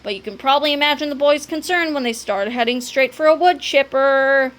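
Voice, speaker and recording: A woman reading a children's book aloud, telling the story with animated delivery and dramatic sound words. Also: high voice, a little fast, hardly any pauses. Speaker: narrator.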